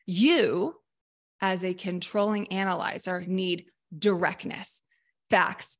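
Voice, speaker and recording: In a podcast discussion, a female mental performance coach explains her coaching methods with energy and emphasis, occasionally acting out brief coaching lines. Her voice is mid-range and her pace measured.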